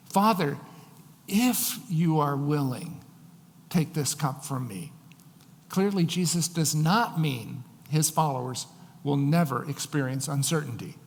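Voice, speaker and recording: Man preaching a sermon, slightly high voice, slow emphatic scripture reading, long hall reverb. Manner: slows down to read scripture quotes with emphasis. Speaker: pastor.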